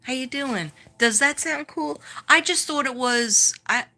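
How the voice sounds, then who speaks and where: Middle-aged New York woman, rambling livestream host, bright voice. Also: sits high, unhurried. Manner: rambling, chatty, greets viewers by name. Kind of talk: casual livestream chat.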